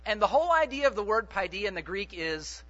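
A man preaching a sermon in an animated, joking way, often putting questions to the congregation. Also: sits high, brisk, muffled recording.

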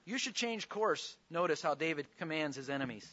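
A man's voice: fairly high pitch, expressive, fairly quick, bright, forceful tone, dull audio. A man preaching a sermon, explaining scripture with earnest, pleading emphasis.

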